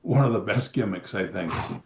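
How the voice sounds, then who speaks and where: A man on a podcast telling a backstage anecdote in an unhurried way. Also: lowish voice, animated, reverberant. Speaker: co-host. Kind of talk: storytelling on a podcast.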